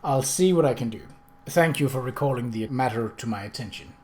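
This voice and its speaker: A man voicing a kindly country gentleman who speaks in a polite, formal way. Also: medium pitch, animated, fairly quick, close to an everyday voice.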